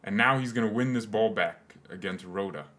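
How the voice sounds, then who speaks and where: A man's voice: fairly low pitch, a little fast, sharp tone. A man hosting a live fan watchalong, mixing match commentary with joking, rambling banter. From United States. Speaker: fan channel host.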